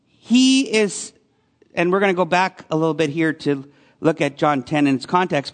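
High-voiced man preaching in a hall. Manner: conversational, asks the congregation questions. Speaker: pastor. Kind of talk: sermon.

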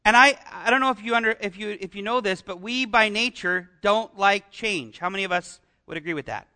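A man's voice: high-pitched, fairly quick, sharp tone. A man preaching a sermon as pastor, talking conversationally and asking the congregation questions.

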